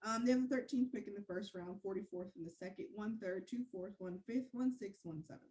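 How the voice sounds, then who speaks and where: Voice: mid-range voice, a little fast, a little mellow. A podcast host running through team needs in a playful way, with joking asides between lists. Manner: playful, list-reading with asides. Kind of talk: casual sports podcast.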